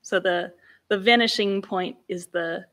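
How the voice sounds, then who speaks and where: A woman gives a lecture-recital in a mid-pitched, ordinary voice. She talks loosely, with restarts. She often breaks into stretched, sliding inflections and sudden exclamations to show how old speech sounded. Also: steady tone, unhurried, fairly bright tone. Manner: demonstrates speech inflections with sung-like slides and exclamations; conversational, with restarts. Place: lecture room.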